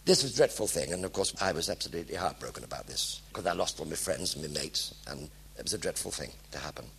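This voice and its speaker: An older man giving a lively storytelling talk to an audience in a theatre. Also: a bass voice, fast, creaky, husky. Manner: animated anecdotal delivery, voice swings from hushed to loud. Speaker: war veteran speaker. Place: theatre stage.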